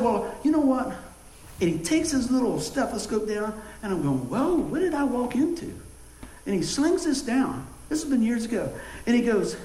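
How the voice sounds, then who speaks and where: A man preaching a sermon, telling animated stories and calling out for responses from the congregation. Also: high-pitched, roomy sound, rough recording. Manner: animated storytelling with call-and-response. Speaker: pastor.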